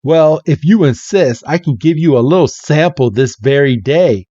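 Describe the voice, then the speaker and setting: A man's voice: a little high, lively intonation, normal speed, warm tone, dry recording, voice pushed up. A man doing a cocky boy trainer, dull lo-fi. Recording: dull, muffled lo-fi recording.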